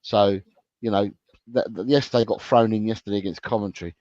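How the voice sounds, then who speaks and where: A man's voice: on the low side, brisk, a little mellow, no echo. A man co-hosting a casual football podcast, talking emphatically and repeating his phrases. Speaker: podcast co-host. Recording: dry, dull lo-fi audio.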